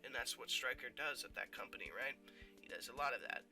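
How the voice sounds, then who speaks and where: A man retelling a story for comedy in a meandering, deadpan way, full of fillers and restarts. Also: medium pitch, fairly quick, creaky, faint music behind. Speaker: gaming video creator.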